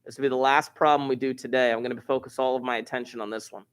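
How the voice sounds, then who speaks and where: Racing through a live online algebra lesson, a man speaks with a mid-range, steady, clean-toned voice. The math teacher explains steps and chats and jokes with his students.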